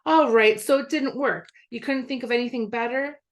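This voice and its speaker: A woman's voice: a little high, moderate pace, pitched above the performer's own voice, close to an everyday voice. A woman playing a pushy scheming boy. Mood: angry.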